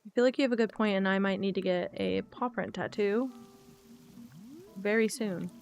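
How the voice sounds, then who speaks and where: Woman streamer chatting casual while she plays, gets emotional, soft music in the back. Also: medium pitch, normal speed, vocal fry. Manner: emotional, chatty, talks to viewers by name. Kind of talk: casual chat while playing a game.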